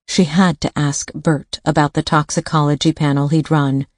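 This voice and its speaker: A woman narrating a thriller audiobook in a measured, suspenseful reading. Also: sits low, flat delivery, no room sound, clean studio sound.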